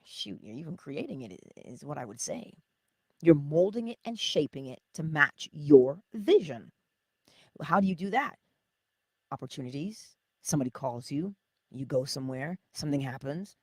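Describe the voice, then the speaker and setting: A woman giving an animated motivational talk, often laughing and talking straight to her viewers. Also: low voice, normal speed, husky, no echo, studio quality. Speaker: inspirational speaker.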